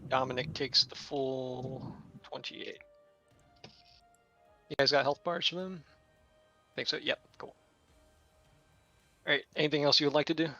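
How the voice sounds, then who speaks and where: A man runs a tabletop game, narrating scenes in a bright, forward voice at an unhurried pace. He speaks loosely, with fillers. The audio is slightly dull and lo-fi. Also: medium pitch, faint music behind. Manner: relaxed, descriptive, with filler words. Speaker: game master.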